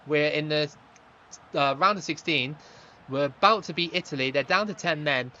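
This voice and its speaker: A young man streaming a football game, chatting with viewers and reacting loudly to the play, on a slightly dull lo-fi mic. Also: fairly high pitch, moderate pace, slight background noise. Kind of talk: live gaming stream commentary.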